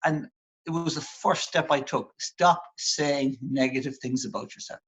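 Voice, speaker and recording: Coaching listeners about the way they address themselves, an Irish performance psychologist talks reflectively and earnestly in a motivational interview. He has a steady, medium-pitched, somewhat bright voice with a breathy edge and speaks a little slowly, captured on a rough recording.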